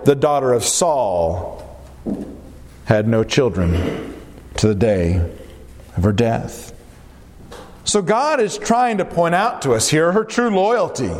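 A man preaching a sermon in a slow, measured cadence, leaning on long drawn-out phrases and rhetorical questions. His voice sits a little high for a man. Long hall reverb trails behind each phrase. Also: a little mellow.

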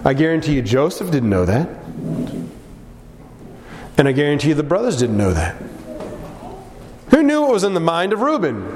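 A man preaching in a church hall, his voice rising and falling in a lively way. He pitches a bit high and acts out the people in the story he tells. The sound rings with long reverb from the room. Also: a little hiss or hum. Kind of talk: sermon.

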